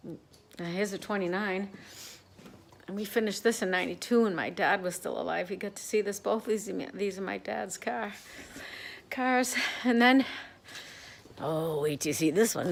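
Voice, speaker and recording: A woman's voice: medium pitch, a bit bright. An older woman vlogging about fixing things around her home, talking frankly and rambling as she walks around, recorded on a phone held at arm's length. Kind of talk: casual home-repair vlog. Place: her home, moving between house, yard and garage. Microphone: phone in selfie mode at arm's length.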